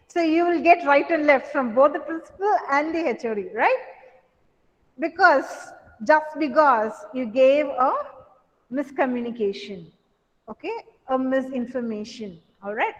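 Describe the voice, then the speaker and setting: A woman lecturing a class on communication skills, asking questions, repeating points and using many fillers. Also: high-pitched. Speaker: college lecturer. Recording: dull lo-fi sound with long hall reverb.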